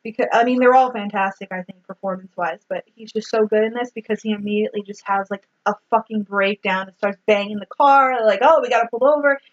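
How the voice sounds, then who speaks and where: A woman's voice: mid-range voice, steady tone, brisk, hardly any pauses. A woman recapping a movie in casual chat, swearing freely and quoting scenes. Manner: swears freely, retells scenes with acted quotes. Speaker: podcast co-host. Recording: dull lo-fi sound.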